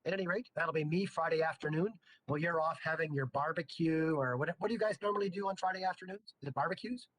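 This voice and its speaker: A man's voice: fairly high pitch, fast, few pauses, a bit bright, slight background noise. A middle-aged man teaching a chemistry class in a casual, joking way, full of chatty asides. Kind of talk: casual lecture.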